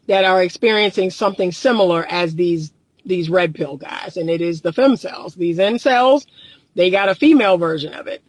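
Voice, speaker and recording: A relationship coach speaks directly to camera, earnestly and emphatically repeating key phrases for weight and calling her viewers "y'all." Her voice is mid-range, and the recording is dry and of poor quality.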